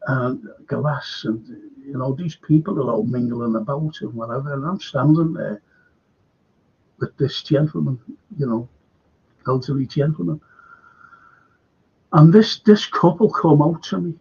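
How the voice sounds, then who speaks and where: Scouse guy rambling through a story on his stream, raspy rough voice, kinda muffled lo-fi sound. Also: mid-range voice, a little slow, long pauses, darkish tone. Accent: Liverpool (Scouse). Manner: meandering, many restarts and asides, earnest. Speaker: current affairs livestream host. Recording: dull lo-fi livestream audio.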